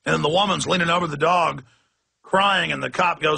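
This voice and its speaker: A man's voice: fairly high pitch, a little fast, gravelly, bright, forceful tone, breathy edge. A man hosting a radio talk show, delivering an impassioned, ranting monologue and acting out quoted voices.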